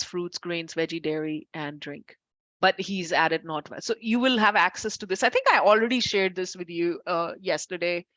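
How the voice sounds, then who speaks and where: A dry recording captures an Ayurveda instructor with a fairly low-pitched voice teaching her class. Her delivery is informal and chatty, marked by frequent self-corrections and warm side comments to the students.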